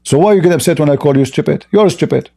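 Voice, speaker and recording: Scornful man with a dark, mellow voice. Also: a little high, quick pace, gravelly, slightly rough. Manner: mocking, scornful, repeats rhetorical questions. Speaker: religious debate host. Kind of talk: combative religious debate monologue.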